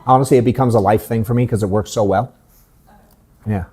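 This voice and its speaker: A man's voice: on the low side, steady tone, fairly quick, dark tone, slightly rough. A man in his thirties, a sales coach hosting a workshop in his office, talking bluntly and candidly and swearing casually.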